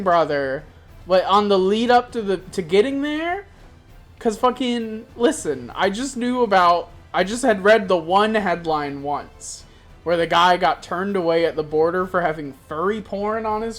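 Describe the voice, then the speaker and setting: A streamer from Florida telling a travel story in casual, profane chat, acting out the people in it. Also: medium pitch. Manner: animated, profane, puts on voices for quoted people.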